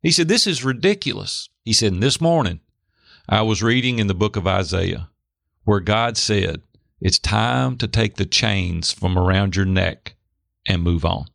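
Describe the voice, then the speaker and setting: A middle-aged man telling a personal story in an interview, lively, acting out the voices of the people in it. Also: lowish voice, unhurried, vocal fry, no room sound, clean studio sound. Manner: animated, acts out quoted voices. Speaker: guest. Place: Hendersonville near Nashville.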